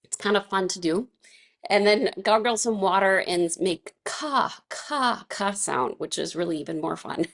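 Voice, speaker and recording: Low, gravelly woman leading a class. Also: steady tone, normal speed. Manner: chatty, laughs often, many fillers and restarts. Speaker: qigong and wellness class teacher. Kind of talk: casual guided class instruction.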